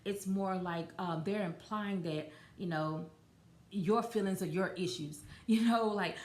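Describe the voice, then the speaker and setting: A woman's voice: lowish voice, moderate pace. A woman hosting a podcast on her own, talking in a loose, conversational way with lots of fillers and restarts. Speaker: podcast host. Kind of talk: casual solo podcast talk. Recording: roomy echo.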